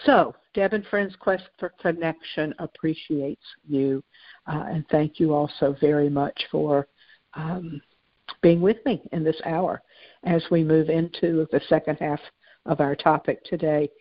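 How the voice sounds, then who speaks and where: A woman's voice: low-pitched, fairly even intonation, measured pace, no echo, dull audio. A woman hosting a spiritual talk show, talking conversationally with many fillers and restarts. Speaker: host.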